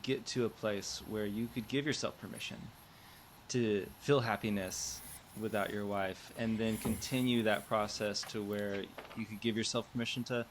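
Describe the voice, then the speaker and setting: A male podcast host with a lowish voice asks long, careful questions in a measured way. A faint hiss sits under his voice. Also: fairly even intonation, low-quality recording. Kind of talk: interview questions.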